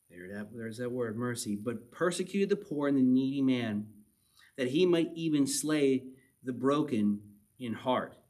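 A man teaching verse by verse from the Bible, reading passages aloud and then explaining them in a relaxed, conversational way. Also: medium pitch. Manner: reads scripture then explains it conversationally, with little chuckles.

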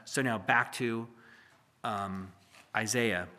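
A man preaching a verse-by-verse sermon. He reads scripture aloud with force, then drops into low, chatty asides to the congregation. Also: steady tone, takes it slowly. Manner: swings from loud scripture reading to low asides; conversational, jokes with the congregation. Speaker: pastor. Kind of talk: expository sermon teaching.

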